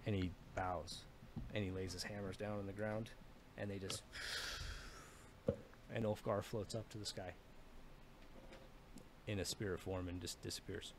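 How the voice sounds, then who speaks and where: A man's voice: on the low side, flat delivery, normal speed, pauses often, background noise. A man narrating as dungeon master, telling a battle in a casual, profane way with many fillers. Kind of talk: narrating a tabletop game.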